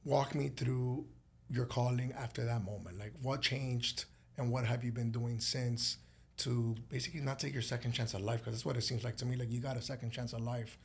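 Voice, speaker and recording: A man hosting a podcast, asking questions and backing the guest with quick affirmations. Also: mid-range voice, fairly even intonation, creaky, breathy edge. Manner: short affirmations, leading questions. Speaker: podcast host. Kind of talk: interviewing.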